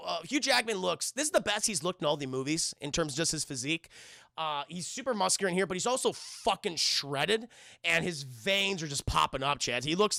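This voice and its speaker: A man's voice: high voice, gravelly, sharp tone, no echo, studio quality. A man doing a rambling, profane scene-by-scene film review, talking straight to his live chat. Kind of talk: casual livestream film review.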